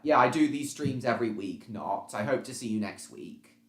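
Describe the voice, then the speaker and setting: A man chatting on his live stream, his voice sitting at an ordinary middle pitch. He keeps stopping and restarting his sentences, filling the gaps with ums. The room around him gives everything a noticeable echo. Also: animated, fairly bright tone. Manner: repetitive, halting, restarts phrases, many ums. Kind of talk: casual live stream chat, reading out viewer comments. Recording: roomy echo.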